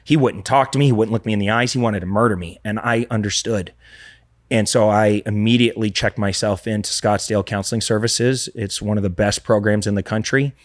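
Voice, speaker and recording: Podcast guest, male, low-pitched, dry close sound, earnest and confessional, restarts often. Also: fairly even intonation, brisk, no room sound. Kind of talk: candid personal storytelling.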